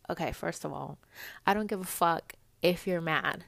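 A young woman telling a story to her viewers in a casual, animated rant, swearing freely as she gets heated. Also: on the low side, normal speed, gravelly, no echo. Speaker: vlogger.

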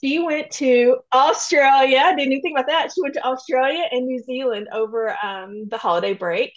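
A woman's voice: sits high, moderate pace, muffled recording. A middle-aged woman from Kentucky with a Southern accent, chatting as a guest author on a podcast and laughing often. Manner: laughs often, self-deprecating. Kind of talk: casual podcast chat.

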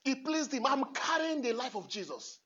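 A husky-voiced male priest delivers a fervent homily in a church, dropping to near-murmurs and then rising to shouts, and repeating his phrases for emphasis. The recording sounds dull and lo-fi. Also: very high-pitched, big pitch swings, normal speed. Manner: emphatic, repeats phrases, swings from hushed to shouting, laughs often. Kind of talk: impassioned homily.

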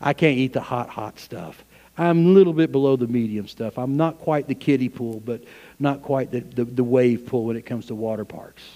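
Impassioned preacher in a reverberant sanctuary. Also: male voice, mid-range voice, moderate pace. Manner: impassioned preaching, swinging from loud to hushed. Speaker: pastor. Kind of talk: sermon. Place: church sanctuary.

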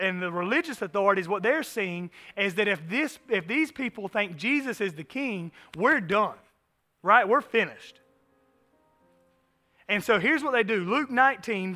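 A man preaching a sermon as pastor, animated, swinging from loud emphasis to hushed asides. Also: sits high.

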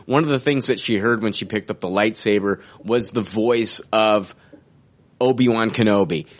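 A man co-hosting a casual fan podcast, his voice sitting a little low. He talks loosely and excitedly, rambling through his thoughts and swearing casually. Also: moderate pace. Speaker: podcast co-host.

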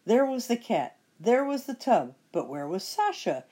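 Husky, animated woman reading a storybook. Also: fairly high pitch, unhurried, hardly any pauses. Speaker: storybook reader. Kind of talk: reading a children's picture book aloud.

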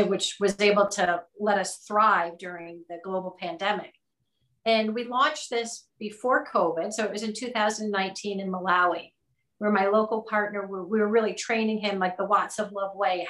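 A woman, a nonprofit founder, telling a story as an interview guest, animated and full of restarts. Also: mid-range voice. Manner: animated, acts out quotes, many restarts. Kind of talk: conversational storytelling. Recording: roomy echo.

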